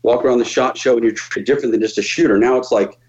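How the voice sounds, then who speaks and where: A man's voice: mid-range voice, fast, highs cut off. A man telling stories as a podcast guest, swearing freely and acting out the people in them. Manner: profane, animated, acts out quoted voices. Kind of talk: casual storytelling on a podcast.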